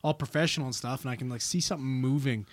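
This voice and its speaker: A man telling stories in casual chat, animated and swearing constantly, talking about his work as an emergency responder. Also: medium pitch, racing. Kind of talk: casual profane chat and storytelling.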